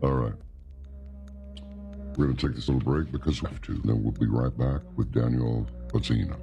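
A man hosting a radio talk show, steering the interview in a brisk, jokey way. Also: very deep voice, gravelly, dull audio, over music.

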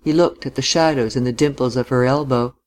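Give me a man narrating an audiobook in a measured, even reading voice. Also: medium pitch. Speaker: audiobook reader. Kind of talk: scripted narration of a novel.

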